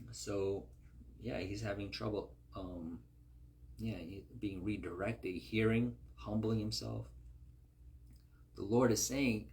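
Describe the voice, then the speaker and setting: A man's voice: fairly low pitch, slow, creaky, pauses often. A man reading scripture aloud and explaining it in a conversational way, often checking in with his listeners. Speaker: Bible teacher.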